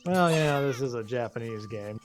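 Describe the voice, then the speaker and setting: A man's voice: mid-range voice, animated, normal speed, over music. A man co-hosting a let's-play, chatting casually and wryly, telling rambling stories with restarts as he goes. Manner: wry, rambling storyteller with frequent restarts. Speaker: co-host playing a video game. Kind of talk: casual gameplay chat.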